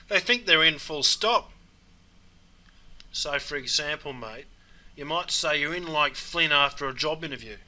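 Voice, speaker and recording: A man's voice: on the high side, bright, forceful tone, rough recording. A man with an Australian accent narrating a scripted comic lesson on slang, dropping "mate" into nearly every sentence. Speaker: host explaining slang.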